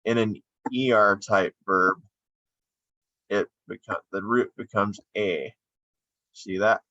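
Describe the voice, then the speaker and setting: Casting: man, lowish voice, slow and patient, screen-recorded lesson, dull dry lo-fi sound. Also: fairly even intonation, pushed and bright, no echo. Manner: unhurried, explaining while drawing on screen. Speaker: Spanish teacher.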